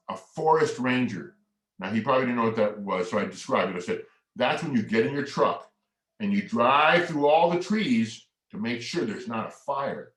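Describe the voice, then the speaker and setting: A man presenting a family workshop, telling a story in a lively way, acting out quotes and leading the audience in movements. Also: medium pitch. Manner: animated storyteller who acts out quotes and leads the audience in movements. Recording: echoey room.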